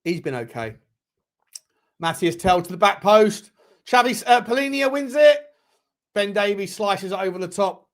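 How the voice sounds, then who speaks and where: A man hosting a live football watchalong, reacting as a partisan fan with excitable shouting, swearing and a chesty cough. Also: high-pitched, moderate pace, pauses often. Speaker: fan channel host.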